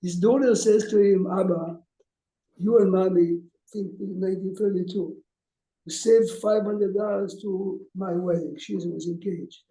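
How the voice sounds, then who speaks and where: A man's voice: high-pitched, fairly even intonation, unhurried, dark tone. A man teaching a class as a rabbi, telling stories in a conversational way and asking his listeners questions. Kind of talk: informal lecture with storytelling. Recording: echoey room.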